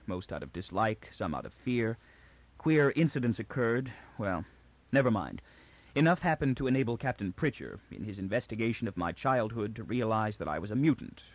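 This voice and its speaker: A quietly menacing male mutant mastermind, as a male narrator puts him on, measured and tolerant, his voice sometimes dropping low and soft. Each line is deliberate, lively in pitch, and the dry close recording sounds a little dull. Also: no room sound. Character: the Mule, a male mutant mastermind, calm and commanding. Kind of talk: audiobook character reading.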